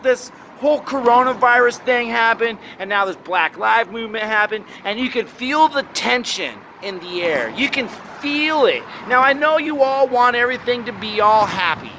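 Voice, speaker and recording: A man's voice: high voice, sharp tone, a little hiss or hum. A man in his forties giving a blunt, profane, rambling opinion rant to the camera outdoors, with faint passing cars behind.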